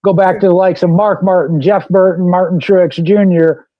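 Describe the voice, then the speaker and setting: High-voiced man, rambling racing talk. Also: fairly even intonation, moderate pace, dry recording, dull audio. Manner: rambling, repeats "like I said" and "you know". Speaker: co-host. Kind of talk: casual racing talk radio chat.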